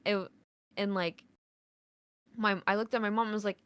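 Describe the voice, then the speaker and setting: A woman's voice: medium pitch, steady tone, moderate pace, a bit bright, clean tone, no room sound. A woman, a podcast guest, telling a casual story in a rambling way, full of "like" fillers and swearing.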